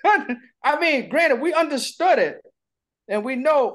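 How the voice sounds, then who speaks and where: Animated podcast co-host telling stories. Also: takes it slowly, long pauses. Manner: storytelling, drops voice low, laughs. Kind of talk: casual chat.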